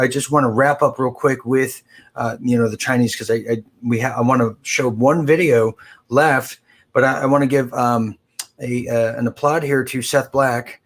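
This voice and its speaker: A man hosting a live political talk show, rambling with quick asides and frequent restarts. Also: mid-range voice.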